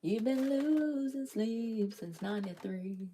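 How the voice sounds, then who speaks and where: A woman's voice: a little high, lively intonation, slow pace, dark tone, slight background noise. Young woman vlogging, chatty and jokey, cusses a lot, talks right to the camera. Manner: chatty, joking, swears casually. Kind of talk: casual chat to camera.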